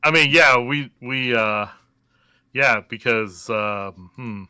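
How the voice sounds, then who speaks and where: Bright, dry-sounding man at a game table. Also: medium pitch, takes it slowly, smooth, no room sound. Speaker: player.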